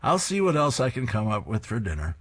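A man's voice: medium pitch, very animated, fairly quick, breathy edge. A man voicing a patient housewife who mildly chides her husband. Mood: mild chiding. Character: patient comic-strip housewife.

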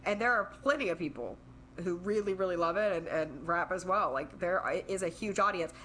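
A woman's voice: on the low side, fairly quick, fairly bright tone, slight background noise. A woman co-hosting a podcast in casual chat, talking loosely with lots of fillers. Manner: chatty, filler-heavy, laughs often. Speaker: podcast co-host.

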